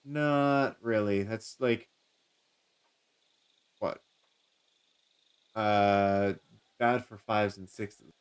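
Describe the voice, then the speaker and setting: A man's voice: on the low side, steady tone, very slow, pauses often, clear, resonant tone. A man casually commenting on his game, musing aloud with many fillers. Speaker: streamer. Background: faint game music.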